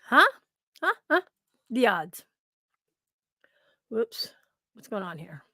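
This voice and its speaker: A woman's voice: fairly high pitch, very animated, takes it slowly, long pauses, bright, forceful tone, no room sound, studio quality. A woman hosting a casual livestream, chatting, swearing freely and greeting viewers from the chat. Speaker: livestream host.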